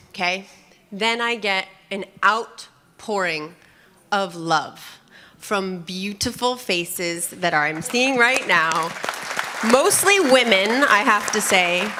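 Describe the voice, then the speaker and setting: A woman on a conference panel, telling a personal story in an emotional, animated way before a live audience. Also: mid-range voice.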